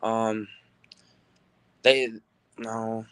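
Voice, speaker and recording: A teenage football recruit from New Mexico, answering interview questions in an upbeat, rambling way with many fillers. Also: male voice, on the low side, little pitch movement, very slow, fairly bright tone, smooth, dry recording. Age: teens.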